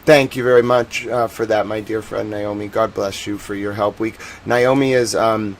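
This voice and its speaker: A man with a Boston accent hosting a casual live stream about war footage, chatting with viewers and turning soft and earnest on serious points. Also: fairly low pitch, steady tone, moderate pace, slight background noise, poor audio. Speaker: live-stream news host.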